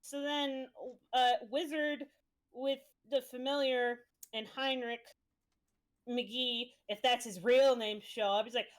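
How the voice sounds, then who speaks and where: A woman's voice: high voice, steady tone, slow pace. A woman streamer casually recapping a tabletop game session, swearing freely as she tells it. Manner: profane, breezy storytelling.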